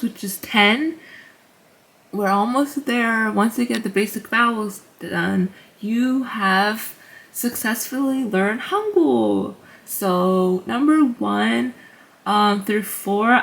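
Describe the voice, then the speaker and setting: A woman casually teaching beginners, slow and patient, repeating each sound and using many fillers. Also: mid-range voice, fairly bright tone. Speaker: language teacher. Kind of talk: casual tutorial.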